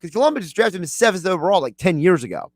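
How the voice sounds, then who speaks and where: A man co-hosting a sports radio show in a studio, talking fast and with strong opinions. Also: sits high, big pitch swings, no room sound. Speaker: radio producer and co-host. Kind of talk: casual sports radio chat.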